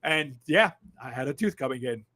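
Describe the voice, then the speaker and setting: A man in his fifties hosts a casual livestream, reading viewer comments sardonically and animatedly, swinging between muttering and loud outbursts while swearing freely. His voice is a little high, at a moderate pace.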